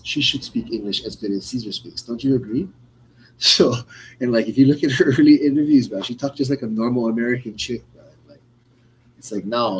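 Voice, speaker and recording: A man's voice: medium pitch, a little hiss or hum, rough recording. A man co-hosting a live fight-night radio show, chatting casually in a rambling way with many fillers. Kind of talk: casual play-by-play chat.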